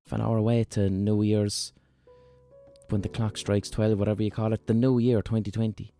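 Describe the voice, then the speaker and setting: A man's voice: on the low side, level tone, normal speed, mellow, soft background music. A man hosting a podcast in casual chat, rambling, jokey and irreverent. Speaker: podcast host.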